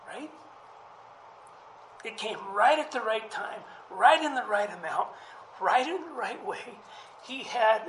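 A male pastor delivers a sermon in a high, earnest voice, often repeating words as he builds each point. The sound carries the roomy echo of a church hall, with a faint ambient hum underneath. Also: fairly bright tone.

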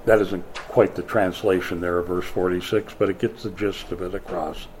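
A man's voice: low voice, normal speed, slight background noise. A middle-aged man preaching a sermon, telling stories and acting out the voices of other people. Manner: animated storyteller who acts out other voices. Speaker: pastor.

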